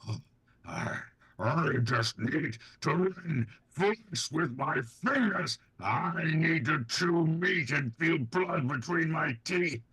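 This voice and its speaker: A man's voice: medium pitch, fairly bright tone, pitched above the performer's own voice, full character voice. A man doing a feral mad raider. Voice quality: gravelly, menacing. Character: mad male raider who thinks he's a super mutant.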